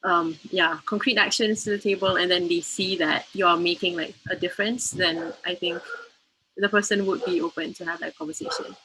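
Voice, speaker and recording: A woman's voice: fairly low pitch, fairly even intonation, moderate pace, sharp tone, slight background noise, rough recording. A young woman panelist on a video call, hesitant and using "like" often. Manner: hesitant, frequent "like". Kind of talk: casual panel discussion.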